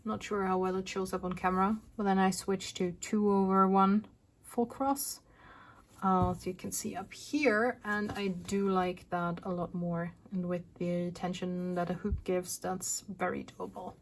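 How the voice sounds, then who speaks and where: A woman hosts a casual crafting vlog, rambling through her projects with plenty of restarts and asides. She sounds out of breath, and her voice has a gravelly, creaky fry. A faint background noise sits under the recording. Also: medium pitch, little pitch movement, a little slow. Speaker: flosstube host. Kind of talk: casual show-and-tell vlog.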